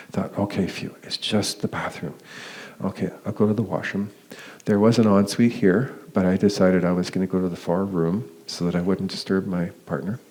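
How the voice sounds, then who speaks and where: A man with a low, slightly mellow voice tells a personal story as a lecture at a conference. He's hesitant, with many fillers and restarts, and raises his pitch when acting out quoted dialogue.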